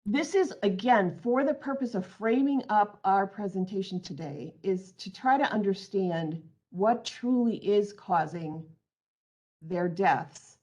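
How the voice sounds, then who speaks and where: A woman's voice: mid-range voice, animated, a little slow, darkish tone. Earnest woman presenting a webinar. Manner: reads out audience answers, then explains earnestly. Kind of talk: online training presentation.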